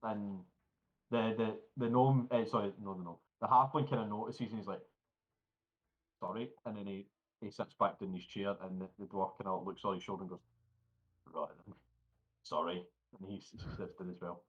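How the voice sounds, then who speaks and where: A man's voice: on the low side, steady tone, fast talker, muffled recording. A man narrating a tabletop game as game master, rambling with restarts and swearing.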